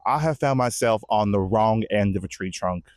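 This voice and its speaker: A man playing a vain, shy, emotional Bigfoot who gives a rambling, earnest tour of his forest home, with halting restarts, in a mock-documentary comedy. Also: on the low side, dry recording, clean studio sound, close to an everyday voice. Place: outdoors in woods.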